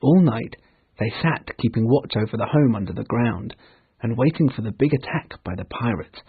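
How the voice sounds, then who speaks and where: A man reading a storybook aloud for English learners, slowly and clearly. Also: mid-range voice, lively intonation, phone-quality sound. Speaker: narrator.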